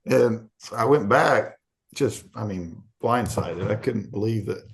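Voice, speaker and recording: A man's voice: fairly low pitch, normal speed. A middle-aged man from Arkansas, a podcast guest telling a candid story and acting out the quoted voices in it. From Arkansas, USA.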